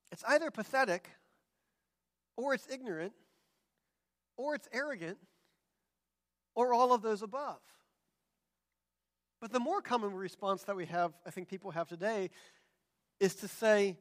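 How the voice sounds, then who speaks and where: A man preaching a sermon, animated and often acting out the voices of people he quotes. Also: sits high, moderate pace, long pauses. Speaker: pastor.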